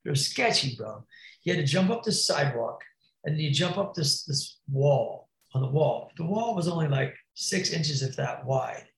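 This BMX rider, a podcast guest, recounts a nasty crash casually, his speech full of slang, bro, dude and swearing. The voice is somewhat high and creaky at a normal pace, ringing in an echoey room.

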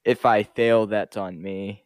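A young man with a lowish voice, co-hosting a casual podcast in a dry, close-sounding recording. His talk is relaxed and a little hesitant. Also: slow pace, clean tone, dry recording. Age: young adult. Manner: relaxed, hesitant, trailing off with "I guess". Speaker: podcast co-host. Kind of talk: casual chat.

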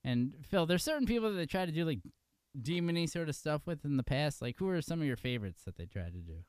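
A man's voice: a little high, sing-song, quick pace, smooth, no echo. A man hosting a podcast in casual chat, loose and joking, laughing often. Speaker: podcast host.

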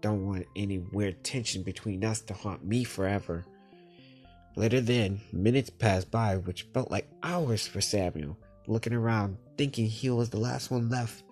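A man's voice: on the low side, darkish tone. Man reading a story aloud. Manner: plain, halting narration with slips.

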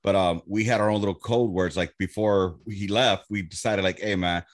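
A military veteran trading crude, blunt war stories in casual chat. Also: male voice, deep voice, fairly even intonation, normal speed. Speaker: military veteran, co-host chatting.

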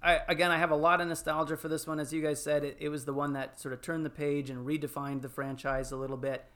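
A man's voice: fairly high pitch, fast talker. Chatty man recounting film scenes. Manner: animated storytelling, fillers. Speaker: podcast panelist. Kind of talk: casual chat.

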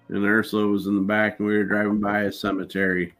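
A man telling his paranormal investigation stories in a relaxed, anecdotal way, acting out the dialogue. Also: fairly low pitch, a little fast, few pauses, faint music behind. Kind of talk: casual storytelling in an interview.

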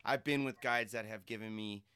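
Laid-back man with a bright, smooth voice. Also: fairly low pitch, fairly even intonation, normal speed. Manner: laid-back, says "bro" and "dude", laughs often. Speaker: podcast host and fly fishing guide. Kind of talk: casual chat.

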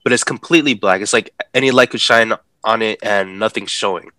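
A man telling a story in a relaxed, animated way, acting out the people in it and laughing as he talks. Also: fairly low pitch, brisk, no room sound. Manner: animated, acts out the voices of people in his story; laughs while talking. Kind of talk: casual storytelling.

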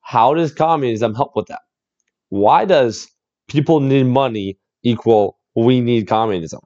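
A man's voice: medium pitch, unhurried, a little mellow, lo-fi sound. A man hosting a reaction video, chatting casually, often laughing and repeating exclamations.

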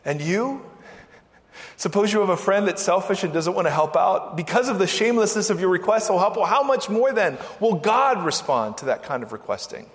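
A man preaching a sermon as pastor, animated, acting out the voices in the scripture he reads. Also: high-pitched, a little fast. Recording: long hall reverb.

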